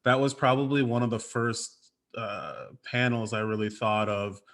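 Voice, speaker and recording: Excited guy rambling about his comic, lots of ums, video call audio. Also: fairly low pitch, normal speed. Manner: enthusiastic, rambling with many fillers. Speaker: comic book writer on a panel. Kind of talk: casual panel chat.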